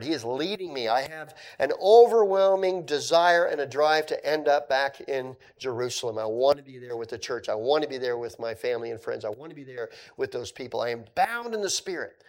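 A male pastor preaching a sermon in a conversational way, moving between emphatic points and quiet asides. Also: medium pitch, expressive, fairly quick, hardly any pauses.

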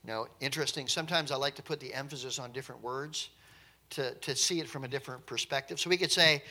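A man's voice: mid-range voice, fast, pushed and bright. A man preaching a sermon in a conversational, emphatic way, with light chuckles now and then.

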